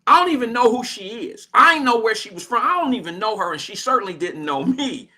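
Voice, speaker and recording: Bright, high-voiced American radio host. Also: male voice, fairly quick. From Cincinnati, Ohio, USA. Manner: animated, slangy, laughs as he tells a story. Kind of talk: casual on-air storytelling. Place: radio studio.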